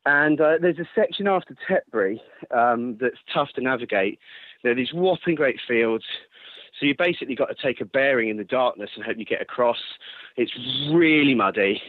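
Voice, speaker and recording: A man's voice: medium pitch, brisk, no room sound. Man on a tinny phone line. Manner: animated, swearing, laughing through his story. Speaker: ultrarunner guest. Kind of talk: casual storytelling chat.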